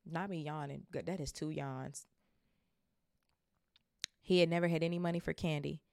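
A woman's voice: deep voice, fairly even intonation, moderate pace, gravelly, darkish tone, a little hiss or hum. A young woman reading a novel aloud for a book club podcast, breaking off for chatty asides and casual swearing.

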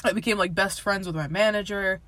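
Young woman, casual storyteller, rambles with constant fillers, swears freely, mid pitch. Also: fairly even intonation, fairly quick, fairly bright tone. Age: young adult. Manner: rambling, heavy filler words, laughs often, swears. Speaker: guest telling a personal story. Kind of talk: casual chat.

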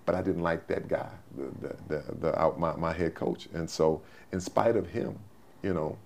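Brief: man, 60s, very deep gravelly voice, folksy storyteller. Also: moderate pace, darkish tone. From Texas, USA. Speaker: guest, former football player. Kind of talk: storytelling interview.

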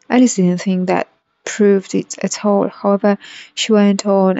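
A woman reading a storybook aloud in a careful, measured way, on a dull lo-fi recording. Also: mid-range voice, flat delivery, warm tone, dry recording. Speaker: reader.

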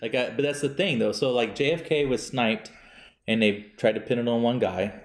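A man's voice: mid-range voice, moderate pace. A young man co-hosting a casual podcast, rambling and laughing often as he spins theories. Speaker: podcast co-host. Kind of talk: casual chat. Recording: roomy echo.

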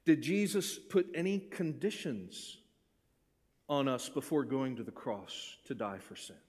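A man's voice: mid-range voice, animated, a little slow. Man preaching in a reverberant hall. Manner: preaching with wide swings from hushed to forceful. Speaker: pastor. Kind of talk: sermon.

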